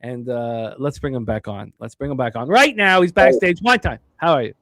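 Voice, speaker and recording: A man's voice: mid-range voice, brisk, a bit bright, no room sound, studio quality. A man hosting a sports betting show, talking casually with rambling self-corrections and upbeat introductions.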